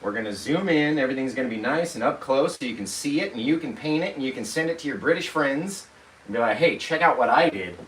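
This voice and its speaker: A man's voice: mid-range voice, lively intonation, quick pace, fairly bright tone. A man hosting a live painting tutorial, chatty and upbeat, walking viewers through each step. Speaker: painting instructor. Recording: roomy, distant mic, faint noise.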